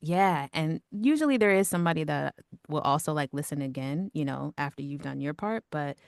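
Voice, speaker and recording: A woman with a low, calm voice talks casually about her work in radio and voice acting. Her speech is relaxed and natural, full of "like" and "you know." The sound is dry and close, with no room echo. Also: brisk, gravelly, clean tone. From Long Island and Georgia. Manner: chatty, lots of "like" and "you know". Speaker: radio producer and voice actor. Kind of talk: casual interview answers.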